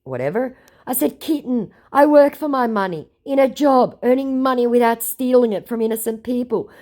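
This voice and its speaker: Woman narrator, mocking and blunt, lively pitch, comic scambait retelling. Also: moderate pace. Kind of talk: comedic storytelling.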